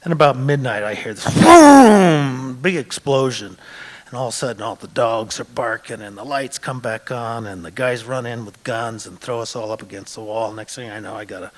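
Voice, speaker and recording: A man in his sixties from Montana telling a true story on stage, conversational, often pausing on "uh" and repeating words. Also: medium pitch, steady tone. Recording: long hall reverb.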